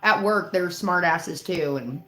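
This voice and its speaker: A woman's voice: lowish voice, a little slow, sharp tone, soft background music. A woman livestreaming, telling a heated story in casual, profane bursts. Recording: roomy echo.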